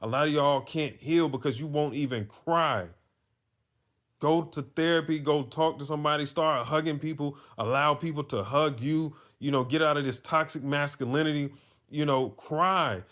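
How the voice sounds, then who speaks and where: A man's voice: a little high, moderate pace, a bit bright. A man, telling a personal story in a casual monologue, earnest and preachy, with some swearing. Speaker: vlogger giving advice to men.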